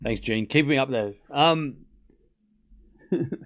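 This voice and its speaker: A man's voice: medium pitch, takes it slowly, long pauses, fairly bright tone. A man hosting a live tennis watchalong stream, chatting casually and sarcastically teasing viewers, rambling with restarts.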